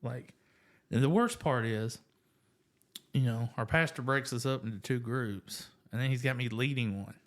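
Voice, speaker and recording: At a normal speed and in a mid-range voice, a man sharing his testimony as a guest recounts his faith journey to friends. His casual telling is lively and self-deprecating, leaning a lot on fillers.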